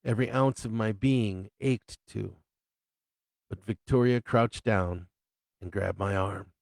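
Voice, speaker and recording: A man reading his own novel aloud as an unhurried storyteller with crude humor. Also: on the low side, vocal fry, darkish tone, dry recording. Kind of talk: live reading of fiction.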